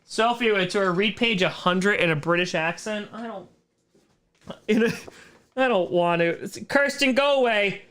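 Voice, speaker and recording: A man with a fairly high, slightly slow voice hosts a relaxed livestream Q&A as a streamer. He rambles, cuts himself off, and laughs often between thoughts, growing earnest when he shares his views.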